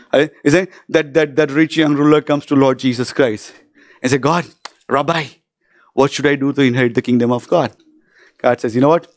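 A man's voice: mid-range voice, dry recording. A man preaching a fervent sermon as pastor, often breaking in with hallelujah and praise God and asking the church "isn't it?". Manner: asks isn't it of the congregation.

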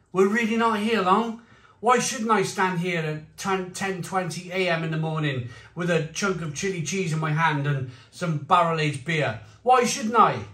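Excitable man in an echoey room. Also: sits high, distant mic. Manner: excitable, rambling, bursts of shouting. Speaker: beer reviewer. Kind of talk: enthusiastic tasting vlog.

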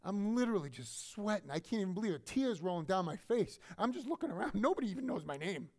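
A middle-aged pastor preaching a sermon, telling a personal story with emotion, swinging from loud emphasis to hushed quiet. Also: male voice, high voice, very animated, fast.

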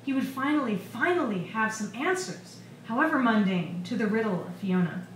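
A woman author giving an expressive live reading of her fiction at a bar event. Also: fairly high pitch, normal speed, a little hiss or hum. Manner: expressive storytelling. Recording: echoey bar recorded from far off, faint ambience.

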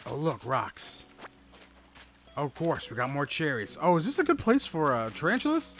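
A man in his thirties chatting casually on a live stream as he plays, reading and answering his chat aloud with quick exclamations at the game. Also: fairly high pitch, wildly swooping pitch, a bit bright. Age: 30s.

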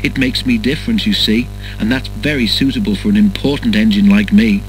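A man's voice: lowish voice, steady tone, a little fast, a little hiss or hum, natural voice, low-quality recording. A man voicing a proud, self-important male express engine in a storybook reading. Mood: boastful.

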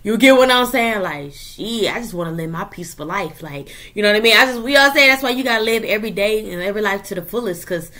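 A woman's voice: medium pitch, lively intonation, fast, hardly any pauses, sharp tone. A woman giving a casual tarot reading to her viewers, talking in a profane, emphatic way and tagging her points with "okay?" and "period.". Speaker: tarot reader.

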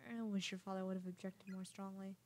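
A woman's voice: medium pitch, little pitch movement, fast talker, darkish tone, a little hiss or hum, natural voice. A woman voicing a worried adult mother who apologizes and grumbles about her husband. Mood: apologetic, resentful.

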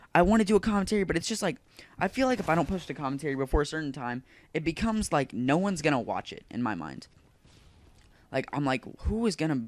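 Rambling, cussing young-sounding gamer guy. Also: medium pitch. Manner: rambling, profane, frustrated ranting. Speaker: gaming YouTuber. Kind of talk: casual commentary over gameplay.

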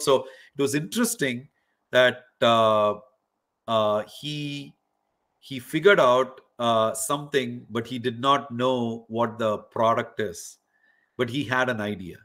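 Middle-aged male professor, hosting an interactive online lecture: animated storyteller, quizzes the room, lots of fillers. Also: medium pitch, unhurried. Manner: animated storyteller, questions the audience, many fillers. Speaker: workshop host and professor.

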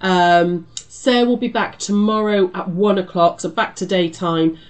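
A woman's voice: lowish voice, fairly even intonation, a little slow, hardly any pauses. A middle-aged British woman hosting a live quilting tutorial, chatty and reassuring, calling viewers lovely and love. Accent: British English. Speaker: quilting shop host.

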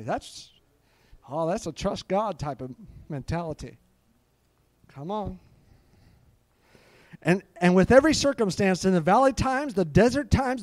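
Man, preacher, fervent, fairly high voice, dry close mic, middle-aged. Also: a little mellow, no room sound. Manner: fervent, peppered with hallelujahs. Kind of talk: live sermon.

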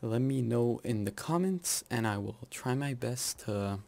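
A man's voice: medium pitch, lively intonation, unhurried, creaky. Young man rambling over gameplay. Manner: rambling, laughs and yells at the game. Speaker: gaming channel host. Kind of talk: live gameplay commentary.

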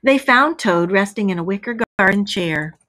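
A woman's voice: mid-range voice, animated, normal speed, fairly bright tone. A woman teacher reading a story aloud to children, stopping to explain words.

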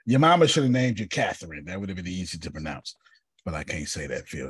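A man's voice: low-pitched, lively intonation, quick pace, breathy edge, no room sound, clean studio sound. A man teaching a group on a video call, blunt and joking, calling on listeners by name. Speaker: teacher and coach. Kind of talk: lively teaching session with a group.

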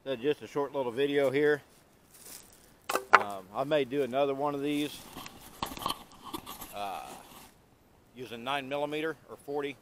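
A man's voice: mid-range voice, a little hiss or hum. A man hosting a casual firearms demo vlog, talking plainly and unhurriedly, with the hiccups, recorded outdoors. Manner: plain, unhurried show-and-tell. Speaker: channel host.

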